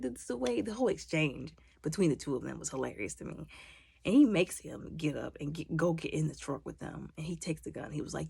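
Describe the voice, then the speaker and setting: Woman movie reviewer, casual recap, gravelly and swooping delivery, mocking and animated. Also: sits low, fast, dry recording. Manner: animated storytelling, acting out characters' lines; exasperated, mocking commentary.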